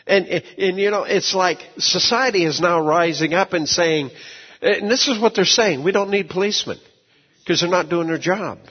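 A man preaching a sermon as pastor, telling folksy stories, repeating words and swinging from low asides to shouted peaks. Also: moderate pace, husky, in a large hall, dull audio.

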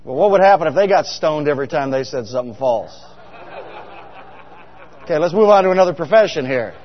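Animated and a little fast, a middle-aged male pastor with a fairly high pitch delivers a sermon full of humor and stories. He speaks chattily and frequently asks the congregation questions. Sound is dull, with a long hall reverb.

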